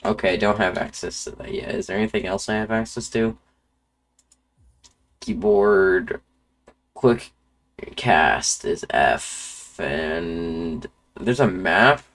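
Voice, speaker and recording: Low-voiced man muttering over gameplay. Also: slow pace, long pauses, a bit bright. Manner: mumbled offhand remarks to himself. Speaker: game streamer. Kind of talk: live gameplay commentary.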